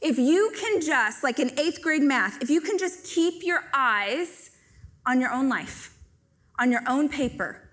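A woman giving a live stage talk to an audience, telling stories in an animated, joking way. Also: sits high. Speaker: motivational speaker.

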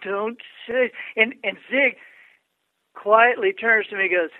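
A man's voice: sits high, measured pace, no room sound. A man guest on an interview, telling anecdotes animatedly with frequent stammering restarts. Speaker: guest, public speaker. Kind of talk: storytelling interview. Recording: tinny phone-like line.

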